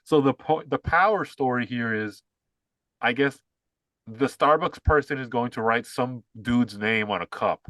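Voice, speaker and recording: A man's voice: medium pitch, measured pace, a bit bright, no echo. Rambling, sarcastic young male podcaster. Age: young adult. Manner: rambling, filler-heavy, sarcastic. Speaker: podcast co-host. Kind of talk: casual political commentary.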